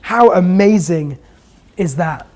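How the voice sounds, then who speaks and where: Slow, earnest preacher giving a sermon. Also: medium pitch, lively intonation. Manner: earnest, gentle, asks rhetorical questions.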